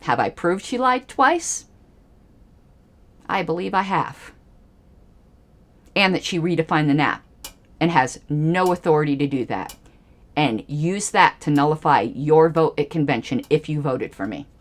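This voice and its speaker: A woman's voice: low voice, expressive, measured pace, long pauses. A woman hosting a livestream, giving angry, emphatic political commentary with pointed repetitions. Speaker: livestream host.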